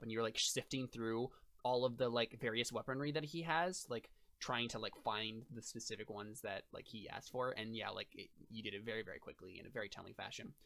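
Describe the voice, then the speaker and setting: A man with a bright, clear voice runs a tabletop role-playing game. He rambles through his narration, stopping and restarting with plenty of fillers. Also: fairly low pitch. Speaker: game master.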